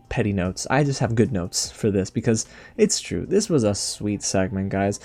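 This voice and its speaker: A man hosting a casual recap and review, animated and sassy, talking straight to his viewers. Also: mid-range voice. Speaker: TV show recap host.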